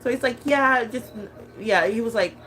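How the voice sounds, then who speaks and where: A woman's voice: fairly high pitch, moderate pace, fairly bright tone, low-quality recording. A woman in her thirties chatting casually as a lifestyle vlogger, laughing often and talking with many fillers and restarts. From California. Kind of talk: casual chat.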